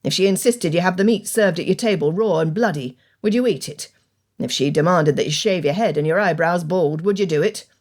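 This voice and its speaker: A woman reading an audiobook, voicing a stern older male country gentleman with dry, cutting wit and measured speech. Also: sits high. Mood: irritated.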